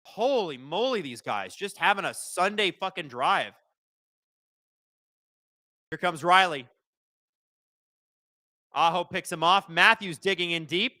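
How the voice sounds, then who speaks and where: A young man hosts a live hockey watch-along, narrating the action in fast play-by-play. His voice sits high and sounds bright and forceful. He gets loud and profane when he is angry at the referees. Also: no room sound, studio quality. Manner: excitable, shouts and swears at the referees. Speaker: live stream host watching a hockey game.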